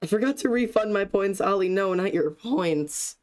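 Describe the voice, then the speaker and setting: A young male streamer with a slightly high voice chats casually with his viewers and greets them by name. He jokes in a self-deprecating way and swears now and then. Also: lively intonation, moderate pace, darkish tone. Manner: chatty, joking, greets chat by name. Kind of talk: casual live-stream chat.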